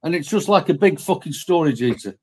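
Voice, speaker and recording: A man's voice: a little high, expressive, brisk, mellow, husky. A man telling blunt workplace stories with heavy swearing as a guest in casual talk. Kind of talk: casual storytelling.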